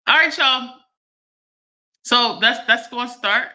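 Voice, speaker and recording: A woman, hosting a livestream and chatting to her viewers in a lively way, laughing often. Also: a little high, slow. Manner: animated, laughing, addresses viewers as y'all. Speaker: livestream host. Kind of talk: casual chat to a live audience.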